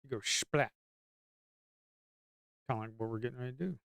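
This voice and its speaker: Excitable guy talking through his trades live, mutters then gets loud, clean dry audio. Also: mid-range voice, brisk, creaky, no echo. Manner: excitable and slangy, swinging from muttering to loud hype. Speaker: live-stream day trader. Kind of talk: casual live commentary on trading.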